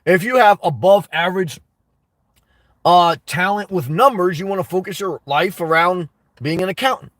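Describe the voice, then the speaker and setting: A man's voice: high voice, moderate pace, a bit bright, no room sound, far from the mic. A man hosting a casual live stream, answering viewer comments in an emphatic way that repeats his points and breaks into laughter between remarks. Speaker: YouTube host answering live chat.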